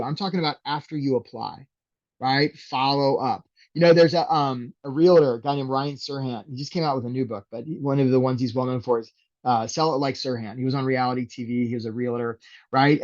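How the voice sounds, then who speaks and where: A man's voice: medium pitch, lo-fi sound. A man teaching a live job-search webinar as a career coach, talking energetically and conversationally and often checking in with "right?".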